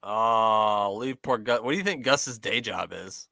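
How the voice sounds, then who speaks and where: A man's voice: fairly low pitch, unhurried, vocal fry, pushed and bright, no room sound. A man co-hosting a casual podcast chat while watching wrestling, joking, laughing a lot and swearing freely. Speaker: podcast co-host.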